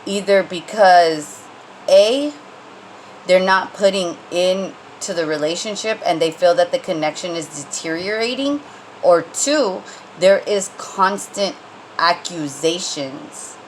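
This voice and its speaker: A woman's voice: on the low side, slow, slight background noise, rough recording. A woman giving a casual tarot reading, rambling and conversational with many fillers and restarts, and blunt when she gets heated. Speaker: tarot reader.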